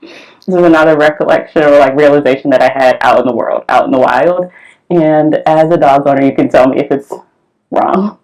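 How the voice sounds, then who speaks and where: Animated woman podcast co-host. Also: sits low, a little fast, low-quality recording. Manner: animated storyteller, acts out quotes. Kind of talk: casual chat.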